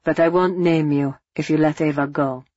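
A woman voicing a brave male priest who quietly challenges his captor. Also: low voice, fairly even intonation, normal speed, dry recording, highs cut off. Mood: challenging.

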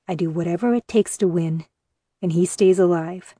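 A woman reading the lines of a grim, pragmatic male captor who talks in a steady, matter-of-fact way. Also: on the low side, normal speed, dry recording, studio quality, natural voice.

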